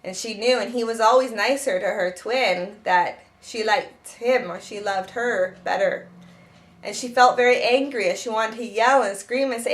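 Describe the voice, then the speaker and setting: Woman, self-help teacher, slightly high voice, earnest and explanatory, frequent restarts. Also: normal speed. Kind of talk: spoken self-help advice.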